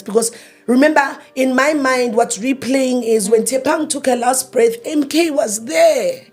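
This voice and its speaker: High husky-voiced grieving woman. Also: normal speed, a little mellow, faint music behind. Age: 30s. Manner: emotional, retells arguments in quoted dialogue, repeats herself. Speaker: interview guest. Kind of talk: personal storytelling interview.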